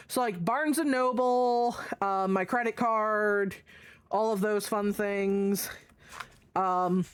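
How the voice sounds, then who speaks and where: A woman streamer chatting casually and rambling as she shows items to her live chat, swearing freely. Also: medium pitch. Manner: chatty, profane, rambling show-and-tell. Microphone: desk mic.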